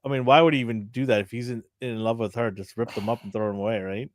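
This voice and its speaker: A chatty man co-hosting a relaxed show review, rambling through his thoughts and laughing often. His voice has a plain middle pitch. The recording is close and dry, with no room sound. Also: quick pace, dry recording. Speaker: co-host. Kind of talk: casual chat, show review.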